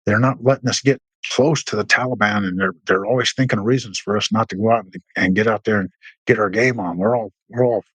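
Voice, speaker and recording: A man's voice: steady tone, fast talker, husky, dry recording, low-quality recording. A middle-aged man, a military veteran guest, telling war stories in a rambling, anecdotal way and acting out the dialogue. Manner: rambling anecdotal telling with many restarts and fillers; acts out quoted dialogue with raised pitch. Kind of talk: casual storytelling interview.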